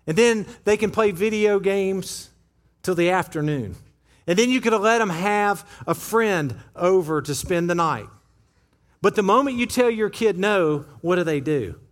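Pastor, male, lively sermon delivery with a high, swooping voice, talking straight to the congregation. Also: measured pace. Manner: animated, conversational preaching with acted-out quotes. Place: church sanctuary.

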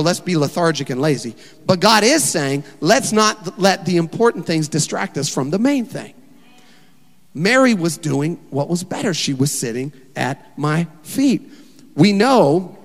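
Emphatic male pastor in a reverberant hall. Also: high-pitched. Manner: animated, emphatic, rhetorical questions. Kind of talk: sermon.

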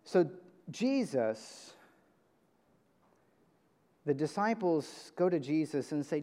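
A man preaching a sermon from a church pulpit, emphatic, jumping from loud high bursts to quiet low lines. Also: animated, slow pace, pauses often. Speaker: pastor. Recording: reverberant church hall.

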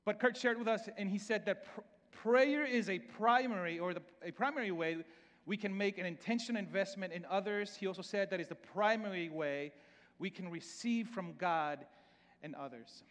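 A pastor with a Salvadoran Spanish accent delivers a loose, conversational sermon, stumbling over and repeating words as he goes. His voice sits high for a man. It carries a long reverb, as if from a large church hall. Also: moderate pace, fairly bright tone. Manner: repeats words often and restarts, conversational preaching.

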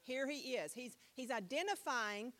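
Woman preacher, high voice, slow unhurried delivery, playful, repetitive emphasis. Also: expressive, a bit bright. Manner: playful, repeats phrases for emphasis. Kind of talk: sermon teaching.

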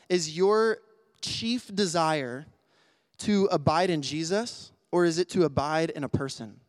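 A man's voice: a little high, no echo. Earnest man preaching, close dry sound. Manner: earnest, conversational, with restarts and "like"; emotional. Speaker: pastor. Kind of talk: sermon.

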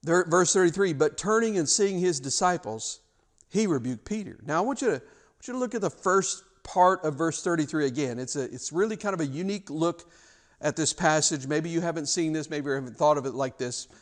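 A man preaching a sermon as pastor, retelling a passage in an emphatic, animated way with frequent restarts. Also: a little high, a little fast.

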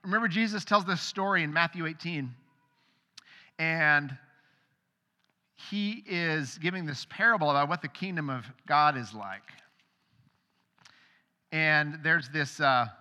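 A man's voice: fairly high pitch, pushed and bright, big-room sound. A male pastor giving a sermon in a conversational way, acting out the voices of people in the stories he tells. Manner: conversational, acts out quoted voices.

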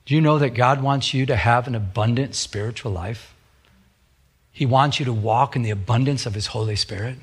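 Husky-voiced preaching man. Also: mid-range voice, moderate pace. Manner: fervent, repetitive preaching cadence. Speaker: pastor. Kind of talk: sermon.

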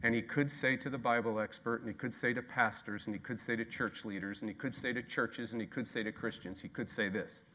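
Brief: male pastor, 30s, bright forceful tone, sermon with sharp swings between shouting emphasis and soft, slow lines. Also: mid-range voice, steady tone. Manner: swings from loud emphatic repetition to quiet, slow delivery.

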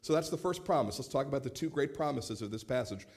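A pastor in his late thirties preaches a sermon quickly in a mid-range voice. He's animated, acts out the voices of people he quotes, and repeats words as he begins phrases.

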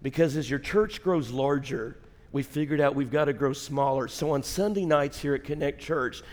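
A man pastor, preaching a sermon and telling a funny story in an animated, storytelling way in a church. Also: a little high, normal speed. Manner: animated storyteller who acts out his wife's yelling. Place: church sanctuary. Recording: long hall reverb.

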